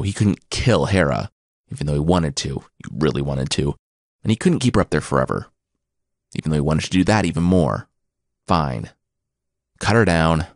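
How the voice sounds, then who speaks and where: Wry deep-voiced male storyteller. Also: no echo, studio quality. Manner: wry, deadpan asides. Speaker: podcast host and narrator. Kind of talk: comic mythology storytelling.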